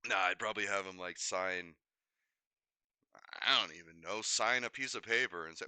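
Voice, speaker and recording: Rambling young man with a bright, dry voice. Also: fairly low pitch, fairly quick, no room sound. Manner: rambling, animated, many fillers and restarts. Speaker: streamer. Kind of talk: rambling casual chat.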